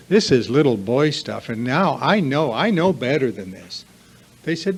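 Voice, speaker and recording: A man's voice: on the high side, animated, moderate pace. A man giving a confessional recovery workshop talk to a live group, earnest and emphatic, piling up repeated lists. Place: meeting room with a live audience.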